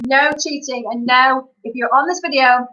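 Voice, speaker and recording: A woman chatting to her live-stream viewers. Her voice is high and bright, and she talks in an upbeat way with quick asides. The stream audio is dull and lo-fi. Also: steady tone. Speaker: live-stream singer and entertainer. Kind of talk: casual live-stream chat.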